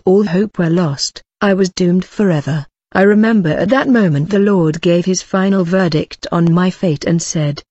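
A man's voice: high-pitched, darkish tone, no room sound, muffled recording. Solemn man giving a religious testimony. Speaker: testimony narrator.

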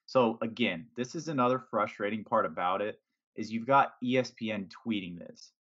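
A man with a low voice chats about sports on a podcast in a wry, laid-back way. He has a sarcastic edge. The recording sounds dull and lo-fi. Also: moderate pace, fairly bright tone. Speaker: podcast co-host. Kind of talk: casual sports chat.

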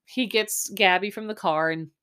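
A woman's voice: mid-range voice, normal speed, fairly bright tone, smooth. A young woman from Missouri chatting casually as a podcast host, rambling with lots of fillers and restarts. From Missouri, USA. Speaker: podcast host recapping a reality show. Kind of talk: casual chat.

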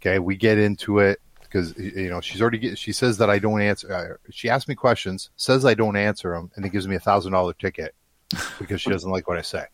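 A man's voice: deep voice, quick pace. A man telling a story in casual talk, blunt and angry, swearing constantly.

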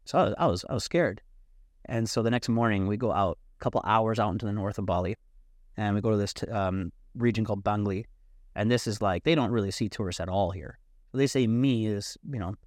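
A man telling a wild personal story as a podcast guest, animated and profane, leaning on "like" a lot. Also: fairly low pitch, a little fast, dry recording, studio quality. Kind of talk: casual storytelling.

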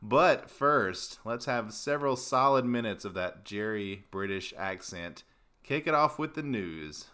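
A man's voice: lowish voice, expressive, a little slow, sharp tone, smooth. A man hosting a casual sports podcast, laughing often and rambling loosely. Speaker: podcast host.

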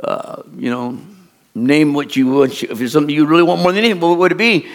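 High-voiced animated storytelling pastor, a man. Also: quick pace. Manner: animated, folksy, rambling storyteller. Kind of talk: storytelling sermon.

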